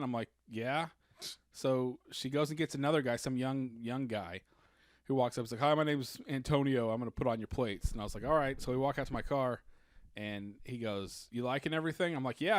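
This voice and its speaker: Male podcast co-host, mid-pitched, rambling storyteller, dry close mic. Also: no room sound. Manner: rambling anecdotes, acts out the people he quotes. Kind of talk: casual storytelling chat.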